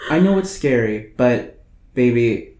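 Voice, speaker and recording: A woman's voice: rumbling low, expressive, a little slow, warm tone, roomy sound. A woman co-hosting a podcast in casual chat, playful and teasing. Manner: playful, says honey and dude. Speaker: podcast co-host.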